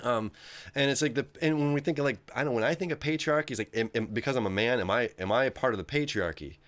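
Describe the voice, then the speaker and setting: A man's voice: mid-range voice, quick pace, fairly bright tone. A man talking casually on his own, rambling and conversational, often checking in with "right?" as he goes. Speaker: astrology video host. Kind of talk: casual solo monologue.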